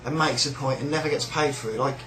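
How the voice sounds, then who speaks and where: A man's voice: mid-range voice, quick pace, sharp tone, reverberant, low-quality recording. A man with a British accent ranting in a sneering, rambling, sweary way about a coworker. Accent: British English. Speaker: shop worker. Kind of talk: casual rant.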